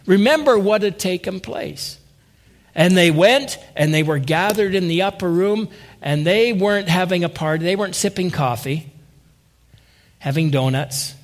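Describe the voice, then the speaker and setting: A man's voice: high voice, normal speed. A man preaching a sermon to his congregation, earnest and rising to impassioned appeals, calling on listeners directly. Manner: addresses listeners as saints and by name.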